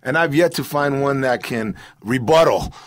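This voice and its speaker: A man's voice: mid-range voice, moderate pace. A middle-aged man, a comedian, telling stories in a loose, rambling way, full of "bro" and "you know". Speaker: comedian guest. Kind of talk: casual storytelling interview.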